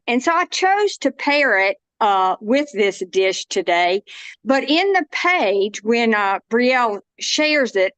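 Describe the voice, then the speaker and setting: A woman's voice: a little high, fairly bright tone, no echo. Chatty woman cooking. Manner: chatty, folksy, self-interrupting. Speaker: cooking demo guest. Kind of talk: casual cooking demonstration.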